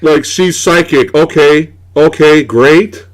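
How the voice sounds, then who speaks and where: A man's voice: fairly high pitch, takes it slowly. A man hosting a casual movie review chat, ranting in a profane, exasperated way. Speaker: podcast host.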